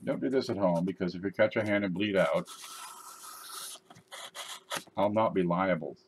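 Low voiced guy rambling and cracking jokes while unboxing mail, faint hiss behind. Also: moderate pace. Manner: joking, rambling, tall tales. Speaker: YouTube channel host. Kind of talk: casual unboxing chat.

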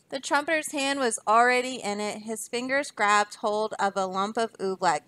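A woman, a teacher, reading a children's storybook aloud with lively expression. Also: a little high, moderate pace, hardly any pauses, no echo.

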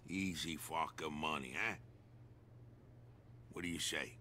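An actor playing a shrewd middle-aged dockside crime boss who talks in a streetwise, persuasive way. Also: male voice, a bass voice, measured pace, sharp tone, a little hiss or hum, exaggerated voice. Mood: scheming.

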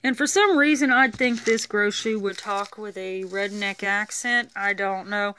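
A woman's voice: medium pitch, unhurried, bright, forceful tone, smooth. A woman chatting casually as she unboxes toys, rambling and thinking aloud. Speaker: toy reviewer.

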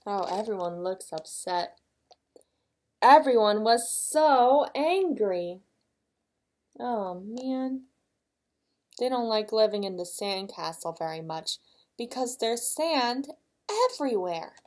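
A woman librarian reading a picture book aloud to young children, gently asking them questions. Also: mid-range voice, slow, pauses often.

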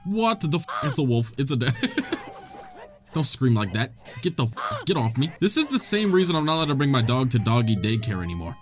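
Wildly animated, excitable gamer man. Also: mid-range voice, moderate pace, over music. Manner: joking, excitable, swears often; talks to the game characters. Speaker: gaming channel host. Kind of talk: gameplay commentary.

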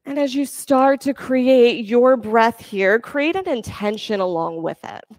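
A woman yoga instructor giving calm, encouraging cues for breath and poses during a class. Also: a little high, a little slow, no echo, clean studio sound.

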